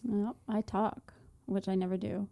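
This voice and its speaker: A woman co-hosting a casual podcast chat, soft-spoken, often trailing off. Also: medium pitch, little pitch movement, measured pace, creaky. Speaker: podcast co-host.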